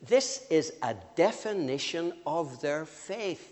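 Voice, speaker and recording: An older man preaching a sermon, swinging from loud emphatic phrases to quiet asides. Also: on the high side. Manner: lively with sudden rises and drops, slow emphatic phrasing. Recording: long reverb of a church hall.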